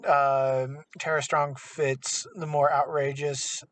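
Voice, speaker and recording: A man's voice: on the high side, little pitch movement, takes it slowly, fairly bright tone, a little hiss or hum. Casual podcast man, off-mic. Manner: rambling, self-correcting. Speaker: podcast co-host. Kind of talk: casual chat. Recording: distant from mic.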